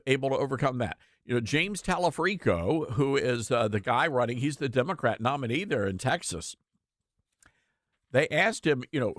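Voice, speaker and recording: Emphatic talk radio host, lively pitch. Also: male voice, dry recording, studio quality. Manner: emphatic, repeats lines for effect. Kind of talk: opinionated political commentary.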